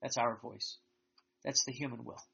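A man giving an earnest, reflective spiritual talk, slow and halting with many restarts. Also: mid-range voice, steady tone, gravelly, sharp tone, slightly rough. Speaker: religious teacher. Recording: dull lo-fi sound.

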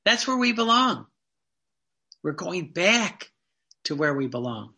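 Man, preacher, devotional teaching, emphatic, rhetorical questions, repeats phrases, high-pitched. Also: sing-song, slow pace, vocal fry, bright, forceful tone.

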